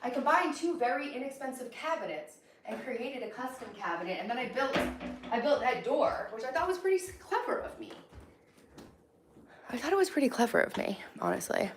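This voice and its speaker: A woman's voice: sits high, big pitch swings, brisk, a little hiss or hum. A hungover woman in her thirties chatting bluntly on a live stream from her kitchen, reading out and answering comments. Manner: chatty, blunt, swings between loud and soft, reacts to chat. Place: home kitchen.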